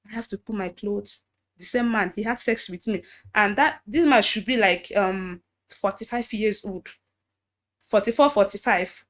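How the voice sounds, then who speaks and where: A woman with a Nigerian accent, a native Igbo speaker, giving a personal testimony in a halting way, often restarting and repeating phrases. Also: mid-range voice. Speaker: guest telling her story.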